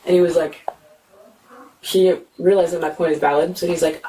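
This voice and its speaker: A young woman telling a police officer what happened, talking fast and filling her story with "like" and acted-out quotes, recorded on a bodycam. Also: on the low side, steady tone, darkish tone. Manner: fast, repeats "like", acts out quotes. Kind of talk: retelling events to an officer. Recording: noisy bodycam audio from a distance.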